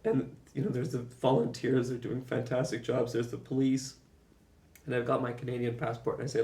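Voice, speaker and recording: A man's voice: mid-range voice, fairly even intonation, a little fast, creaky, a little mellow. A man casually recounting his own journey, rambling and emphatic, swearing and chuckling often. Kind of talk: casual first-person storytelling. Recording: roomy echo, mic far off.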